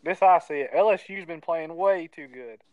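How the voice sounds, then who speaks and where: Loud teasing guy hosting. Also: fairly high pitch, moderate pace, no room sound, lo-fi sound. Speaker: podcast host. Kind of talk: casual sports picks chat.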